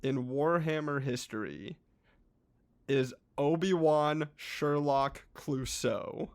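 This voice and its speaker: An eager man with a slightly higher voice rambles happily through a long explanation. He speaks casually, often trips over his words and restarts, and clearly loves the subject. The tone is loose and conversational, like a podcast chat between friends. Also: slow pace. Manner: excited, rambling, hesitant restarts. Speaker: podcast co-host.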